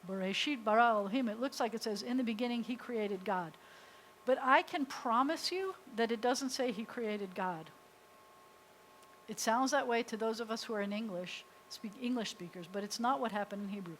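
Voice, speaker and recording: A woman's voice: on the high side, normal speed, slight background noise, low-quality recording. A woman rabbi teaching a beginners' Hebrew class, patiently explaining step by step and sounding out letters. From United States. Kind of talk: live class instruction. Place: synagogue classroom.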